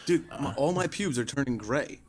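Late-20s man, co-host on a video call, loose crude banter, average pitch. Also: animated, moderate pace. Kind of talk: casual chat.

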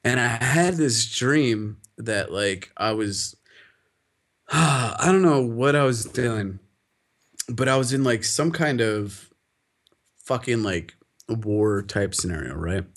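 A young man co-hosting a podcast, telling stories in a profane, animated way and laughing often. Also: mid-range voice, takes it slowly. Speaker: podcast co-host. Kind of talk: casual chat.

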